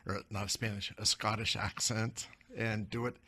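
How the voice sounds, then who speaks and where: A man's voice: fairly low pitch, flat delivery, normal speed, pushed and bright, slightly rough. A man hosting a radio show, telling a story in a conversational, self-deprecating way from a radio studio. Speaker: radio show host and financial adviser.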